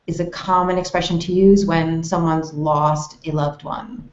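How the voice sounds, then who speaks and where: An American woman teaching English conversation, explaining clearly and acting out example phrases with exaggerated tone. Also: fairly low pitch, level tone, normal speed, few pauses. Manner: friendly, explanatory, models phrases with exaggerated intonation. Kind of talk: online English lesson hangout. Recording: roomy, dull web call audio.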